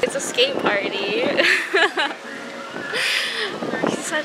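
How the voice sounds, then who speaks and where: High-voiced young woman vlogging outdoors. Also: animated, slow pace, long pauses. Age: young adult. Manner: crude, self-mocking, laughing, hyping herself up. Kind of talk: casual vlog chatter. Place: outdoors at a beach. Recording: loud outdoor noise.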